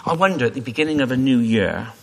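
A man's voice: mid-range voice, animated, fast talker, gravelly, slight background noise. A man preaching a sermon in church, emphatic and fervent, with many restarts and repeated phrases. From Wales. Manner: emphatic, rising to fervent repetition with frequent restarts.

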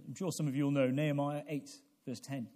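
A man's voice: fairly high pitch, flat delivery, brisk, mellow. A man preaching an evening sermon, asking rhetorical questions and building to emphatic peaks, often repeating a word as he restarts. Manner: repeats words when restarting.

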